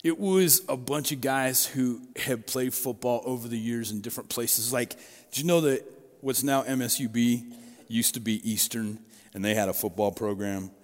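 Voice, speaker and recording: A man's voice: mid-range voice, moderate pace. A middle-aged male pastor preaching a sermon in a conversational, storytelling way with personal asides. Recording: long reverb of a large hall.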